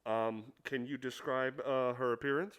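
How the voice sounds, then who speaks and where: A man's voice: mid-range voice, moderate pace, smooth. Teasing male podcast co-host. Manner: teasing, giggly, deadpan jabs. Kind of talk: comedic improv banter.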